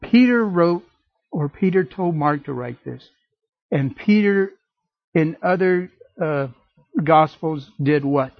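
An animated male preacher delivering a sermon and slipping into playful voices and asides. His voice sits a bit high and sounds husky. The recording is dry and slightly dull. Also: takes it slowly, no echo.

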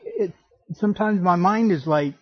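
A man preaching a sermon as pastor, slow and emphatic, acting out the scripture quotes. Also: high-pitched, slightly rough, no echo, muffled recording.

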